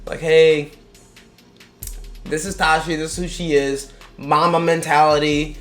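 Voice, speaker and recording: A young man rambling through a casual film review, profane and animated, with bursts of excitement. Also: fairly high pitch, a little slow, faint music behind. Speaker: movie reviewer.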